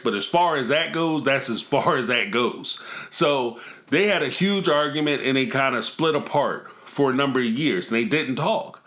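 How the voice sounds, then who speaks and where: Male vlog host with a bright voice and a bouncy, animated delivery, slangy and mocking. Laughs easily while riffing on reality TV. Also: mid-range voice. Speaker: reality TV commentator. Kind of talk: casual commentary vlog.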